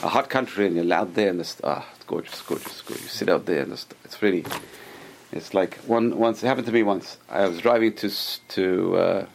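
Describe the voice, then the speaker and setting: A man's voice: deep voice, fairly quick, vocal fry, slight background noise. A man teaching a religious class to a group, telling stories with restarts and acted-out quotes. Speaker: Torah teacher.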